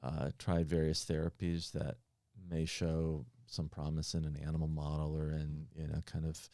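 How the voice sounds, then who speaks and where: A man's voice: extremely low pitch, completely flat delivery, moderate pace, mellow, no echo, clean studio sound. A man in a podcast interview, a pharmaceutical executive answering earnestly with many fillers and restarts.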